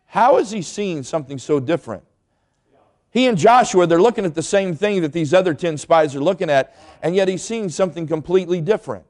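A man's voice: high-pitched, lively intonation, a little fast, darkish tone. A middle-aged man preaching a sermon, emphatic and full of rhetorical questions. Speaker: pastor. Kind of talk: sermon with storytelling.

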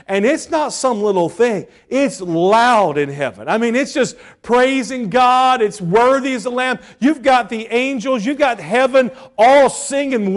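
A middle-aged male pastor preaching a sermon, telling stories with sudden swings from loud bursts to hushed asides. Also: extremely high pitch.

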